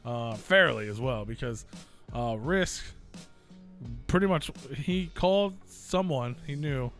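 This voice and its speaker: A man's voice: medium pitch, animated, takes it slowly, faint music behind. A man hosting a casual radio talk show, telling a long rambling story full of swearing. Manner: rambling storytelling, swearing, acts out quoted voices loudly. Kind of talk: casual chat.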